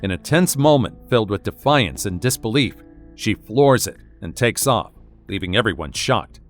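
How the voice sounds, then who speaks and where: Low-voiced male voice-over narrator. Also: animated, moderate pace, soft background music. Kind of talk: scripted narration.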